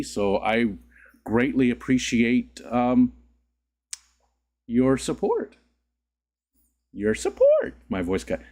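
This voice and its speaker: A man hosting a casual livestream, just woken up, chatting with viewers and greeting them by name. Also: a little mellow. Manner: rambling, greets chat, sudden squeaky voice cracks and laughs. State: just woke up. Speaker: livestream host.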